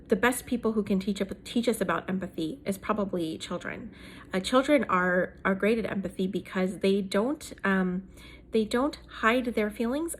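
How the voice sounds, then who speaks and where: A woman in her thirties, from South Asia, sharing her thoughts on leadership in a relaxed monologue. She speaks reflectively, often pausing on "um" and "uh" and restarting sentences. Her pitch sits in the middle range for a woman. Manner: thoughtful, many fillers and restarts. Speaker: host. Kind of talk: casual talk on leadership.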